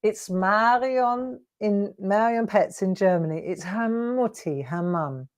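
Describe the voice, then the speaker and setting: A woman's voice: medium pitch, slow pace. A middle-aged woman hosting a live craft demonstration, talking viewers through her coloring in a chatty, coaxing way. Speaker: craft show host.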